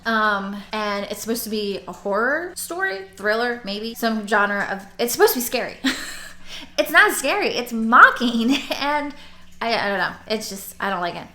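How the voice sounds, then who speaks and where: A chatty, bright-voiced woman book vlogger talks casually to camera in a mid-range voice. She rambles, restarts, and laughs, and the recording has a roomy echo.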